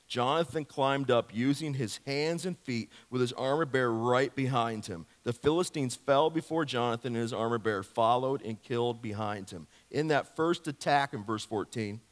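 A male pastor giving a sermon in a lively, joking storytelling manner, firing off rhetorical questions to the congregation. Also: mid-range voice. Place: church sanctuary. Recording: long hall reverb of a church.

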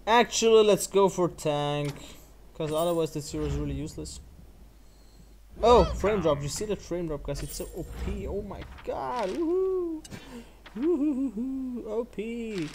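A man with a high voice commentates over his own gameplay. He is excitable, whoops loudly and swears often. A faint hiss of noise sits behind him. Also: moderate pace. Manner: excitable, loud whoops, frequent swearing and exclamations. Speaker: channel host playing a mobile game.

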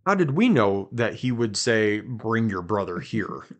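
A man hosting a podcast, reading scripture aloud with quiet dramatic emphasis and chatting between passages. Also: lowish voice, big pitch swings, measured pace. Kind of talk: conversational Bible reading.

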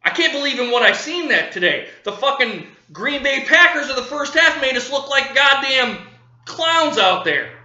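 A sports fan vlogger rants furiously about his football team, livid, cursing and repeating himself. His voice is very high, sing-song, bright and forceful at normal speed, and the lo-fi recording sounds roomy.

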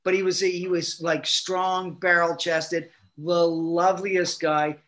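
A middle-aged man, a guest actor, telling animated anecdotes and acting out quotes with laughter. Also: high-pitched, slow. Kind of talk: anecdotal storytelling.

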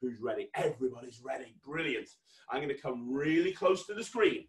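A man with a British accent hosting an interactive children's magic show over video, playful and mock-stern, building to excited shouts. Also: mid-range voice, fairly quick, echoey room, recorded from a distance. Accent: British English. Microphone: webcam.

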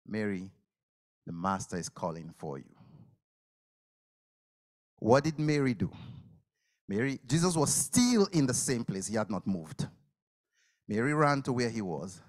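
Speaking in a lowish voice at a measured pace with long pauses, a man delivers a sermon built around a lively story. He plays the characters himself, falling to a whisper when the moment turns quiet.

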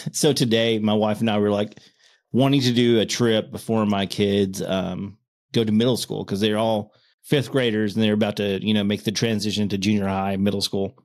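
A podcast co-host in his thirties chats casually in a fairly low voice at a moderate pace. He laughs a lot, and when he gets excited he stumbles over his words and starts them again.

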